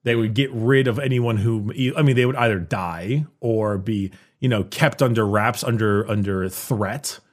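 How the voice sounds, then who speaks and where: A man's voice: fairly low pitch, moderate pace, few pauses. A man explaining game lore at length in a casual podcast conversation, with frequent restarts.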